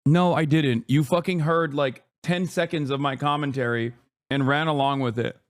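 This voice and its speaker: A man's voice: fairly high pitch, steady tone, moderate pace. A man in his thirties giving sarcastic, combative stream commentary and swearing often.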